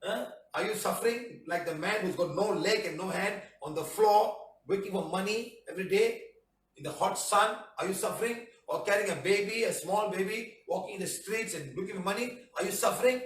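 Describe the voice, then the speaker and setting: A man's voice: high voice, brisk, a bit bright. A man teaching a healing class, talking emphatically and repeating phrases as he acts them out. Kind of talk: class lecture. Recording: roomy hall from a distant mic.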